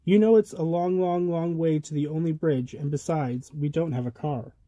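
A man voicing a patient, practical mother in a children's storybook reading, calm and reasoning. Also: fairly high pitch, normal speed, no room sound, natural voice.

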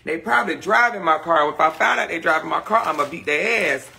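A brash man with a drawl holds court on his live stream, his voice cutting and sharp with a gravelly rasp at the bottom. He rants and gossips at viewers in a loose, profane, fed-up stream of talk. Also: fairly high pitch, fast talker. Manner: frustrated, ranting. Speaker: livestream host. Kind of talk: casual livestream chat. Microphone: phone or webcam on a live stream.

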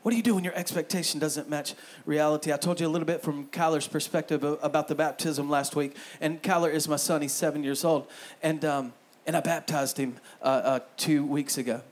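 A man's voice: fairly high pitch, steady tone, brisk. A man in his thirties preaching a sermon as pastor in a church, joking and acting out inner voices. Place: church sanctuary.

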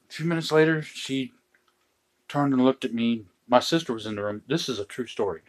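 A man's voice: mid-range voice, brisk. Middle-aged man telling wry stories. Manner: dry, joking, deadpan asides. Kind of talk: casual storytelling chat.

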